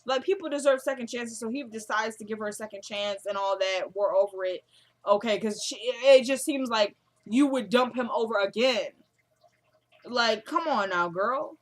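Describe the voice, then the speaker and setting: A woman's voice: a little high, moderate pace. A young woman, chatting casually as she recaps a TV episode and retells the dialogue. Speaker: recap vlogger.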